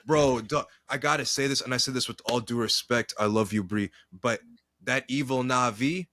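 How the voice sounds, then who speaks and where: Animated slangy man in a dry podcast mic. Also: mid-range voice, moderate pace, dry recording. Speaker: podcast co-host. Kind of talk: casual chat.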